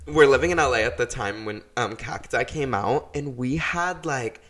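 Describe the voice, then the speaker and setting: A man's voice: mid-range voice, moderate pace. A young man co-hosting a podcast, casual and chatty, with a mid-range voice. He tells stories with lots of fillers and acts out little quotes along the way. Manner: chatty, many fillers, animated storytelling with put-on quotes. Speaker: podcast co-host. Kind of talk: casual chat.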